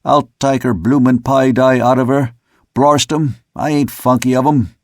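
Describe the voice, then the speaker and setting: A man's voice: medium pitch, little pitch movement, unhurried, dry recording, studio quality, voice pushed up, lightly acted. A man voicing a surly, coarse cockney sailor with slangy, defiant talk. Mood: scornful.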